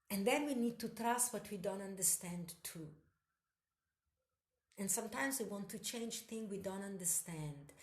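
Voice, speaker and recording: A woman hosting a solo podcast, delivering a slow spiritual monologue with incantatory, repetitive phrasing. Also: mid-range voice, roomy sound.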